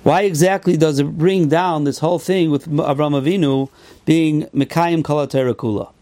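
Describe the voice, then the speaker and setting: A man with a high voice teaches a Torah class in American yeshiva English, full of Yiddish and Hebrew terms. He reads the texts in a sing-song, and his pitch leaps up and drops low without warning. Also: fairly even intonation, moderate pace, dark tone. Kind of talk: Talmudic lecture.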